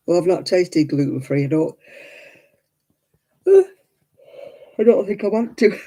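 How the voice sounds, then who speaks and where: A woman's voice: mid-range voice, mellow, slightly rough. A middle-aged woman chatting casually while knitting on a crafting livestream, cooing baby talk to her dog in between.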